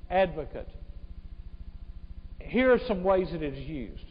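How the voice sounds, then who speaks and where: A male pastor preaching a sermon to a congregation, swinging from loud emphatic lines to hushed tones. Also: high-pitched. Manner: speaks to a congregation, addressing them as folks. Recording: muffled church recording with long hall reverb.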